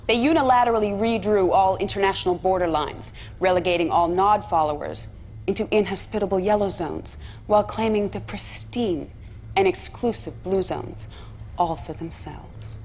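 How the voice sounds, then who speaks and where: An actress voicing a persuasive female cult propagandist who narrates a measured recruiting speech in a game cutscene. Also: medium pitch, darkish tone, a little hiss or hum, close to an everyday voice.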